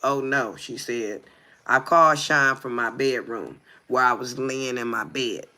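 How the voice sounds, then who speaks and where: A man's voice: medium pitch, a little slow, pushed and bright. A man co-hosting a livestream, reading a text aloud with stumbles and breaking off to ask the listener "you hear me". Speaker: livestream co-host.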